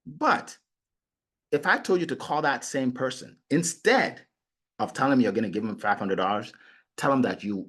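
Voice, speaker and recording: A middle-aged man coaching on sales, talking in an animated way and acting out his prospects. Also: mid-range voice, slightly rough. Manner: animated, acts out clients and prospects in quoted voices. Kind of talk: motivational sales talk.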